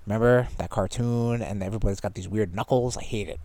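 A man's voice: fairly low pitch, fast talker, warm tone, no room sound. A man co-hosting a casual pop-culture chat, rambling, wry and freely profane. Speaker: podcast co-host.

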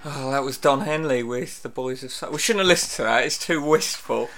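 A man's voice: medium pitch, brisk, a bit bright, faint music behind. A man hosting a radio show, telling rambling anecdotes in dry casual banter and mimicking the people in them.

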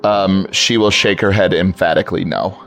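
A man's voice: sits low, moderate pace, gravelly, fairly bright tone, faint music behind. A man playing a tabletop game, casually narrating what his silent character does in third person. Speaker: player. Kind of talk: narrating a mute character's actions.

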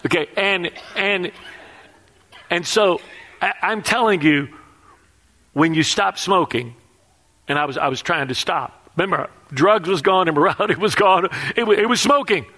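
Animated preacher man, slightly high voice. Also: normal speed. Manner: animated storytelling, asks audience questions. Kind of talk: sermon.

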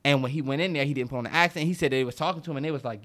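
A man's voice: mid-range voice, rapid-fire, a bit bright. A man co-hosting a podcast, riffing in casual chat with emphatic, profane opinions. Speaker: podcast co-host.

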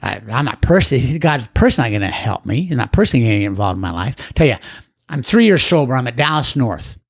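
A man's voice: medium pitch, big pitch swings, fast talker, creaky. An older man sharing his recovery story in a folksy, rambling, plain-spoken way. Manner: acts out other people's voices in quotes. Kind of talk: storytelling talk.

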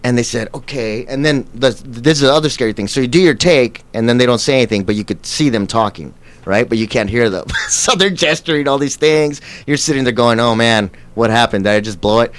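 A man guest in an interview, telling stories in a casual, animated way and acting out quoted lines. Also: medium pitch, brisk. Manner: animated, acts out quotes with laughs. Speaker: actor guest.

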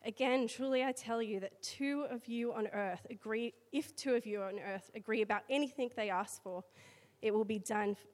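A woman's voice: on the high side, moderate pace, few pauses. A woman with an Australian accent giving a conversational sermon, reading scripture with chatty asides. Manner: chatty asides, filler words between readings. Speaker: church speaker. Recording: long hall reverb.

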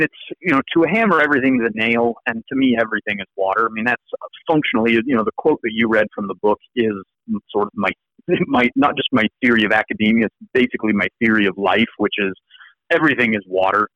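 A man with an American accent, a law professor guest telling stories in an animated, restarting way. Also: on the low side, no echo, muffled recording. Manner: animated, repeats words as he restarts. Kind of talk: casual storytelling interview.

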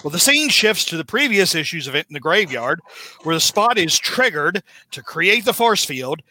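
A man's voice: on the high side, very animated, moderate pace, sharp tone. A man hosting a podcast, giving a sarcastic, mocking recap of a comic book. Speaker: podcast host.

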